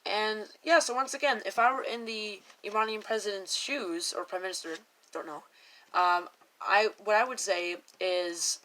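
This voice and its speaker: Bright-voiced young woman rambling opinions. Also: mid-range voice, normal speed, rough recording. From United States. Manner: rambling, self-correcting, with exaggerated mock quotes. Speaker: commentator. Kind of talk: casual opinion commentary to camera.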